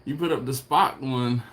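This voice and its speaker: A man's voice: medium pitch, a bit bright. A man hosting a casual live stream from home, greeting viewers by name and chuckling as he reads their comments. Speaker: barbecue livestream host.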